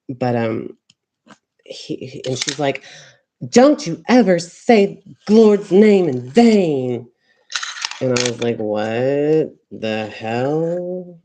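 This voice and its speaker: A man's voice: medium pitch, darkish tone. A young man rambling in a casual monologue while crafting, swearing freely and filling his talk with "um" and "like". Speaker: psychic vlogger.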